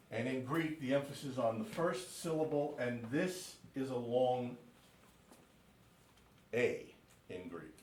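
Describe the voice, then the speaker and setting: A man lecturing as a priest before a small class, unhurried and measured, pausing to spell out difficult names letter by letter. His voice sits at an ordinary middle pitch and rings out in an echoey room, picked up from some distance away. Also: animated, darkish tone, slight background noise.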